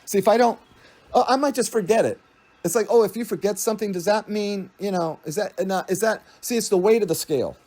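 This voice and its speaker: A man's voice: sits high, fairly quick, darkish tone. A man giving a rambling spiritual monologue, meandering and restarting his thoughts, often laughing. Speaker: spiritual speaker.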